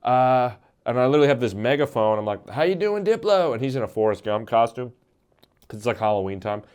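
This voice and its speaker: A man tells a funny story about himself in a loose, self-mocking way, often trailing off. His voice sits at an ordinary middle pitch, with nothing striking about its tone. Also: steady tone, darkish tone, smooth. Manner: self-deprecating, wry, halting with fillers. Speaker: comedian. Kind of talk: casual comedic storytelling.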